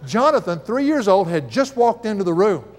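Older man, folksy preacher, higher voice, long reverb around him. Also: very animated, normal speed, a little mellow. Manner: folksy, chuckling storyteller. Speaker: Bible teacher. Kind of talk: sermon with personal stories.

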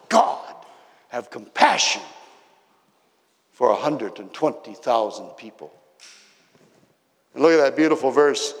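Preacher in a reverberant hall. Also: male voice, medium pitch. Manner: storytelling, emphatic pauses, quiet drops. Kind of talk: sermon.

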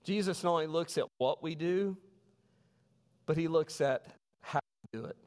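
A man, a pastor, preaching a sermon with animated storytelling. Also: a little high, normal speed. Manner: animated storytelling, voices quoted people. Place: church sanctuary. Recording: long reverb of a church hall.

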